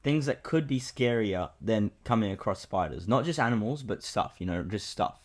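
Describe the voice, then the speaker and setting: A young man from Australia co-hosting a casual podcast, telling stories in an animated, swearing way. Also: lowish voice, moderate pace. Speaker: podcast co-host. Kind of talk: casual chat.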